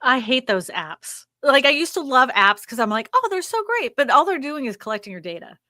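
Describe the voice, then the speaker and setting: A woman's voice: on the high side, animated, fairly quick, bright, forceful tone, dry recording, clean studio sound. A woman hosting a casual real estate livestream, chatty, laughing often and trailing off mid-sentence.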